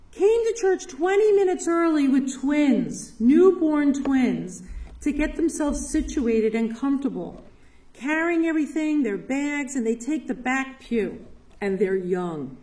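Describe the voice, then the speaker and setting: An enthusiastic woman gives an inspirational church talk, telling stories with laughs along the way. Her voice is mellow and warm, and it is picked up from a distance in a roomy, echoey hall. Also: sits high. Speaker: parish ministry speaker.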